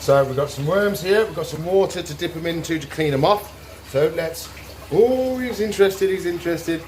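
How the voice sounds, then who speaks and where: A man's voice: on the high side, a little fast, slight background noise. Chatty man talking to his animals. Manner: chatty, talks softly to the animals. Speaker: reptile keeper. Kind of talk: casual animal care vlog.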